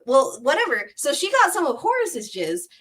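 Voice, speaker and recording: High-voiced woman retelling myths, profane. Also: huge pitch swings, moderate pace, a bit bright, far from the mic. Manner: profane, rambling, laughs often, heavy use of 'like'. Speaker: podcast host. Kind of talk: casual comedic storytelling.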